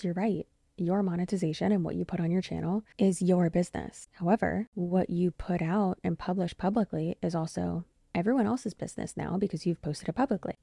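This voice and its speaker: A young adult woman hosting a commentary vlog, answering criticism in a measured, pointed way. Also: lowish voice, vocal fry, warm tone, no room sound. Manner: measured, pointed rebuttal with occasional dry laughs. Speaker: YouTube commentary host.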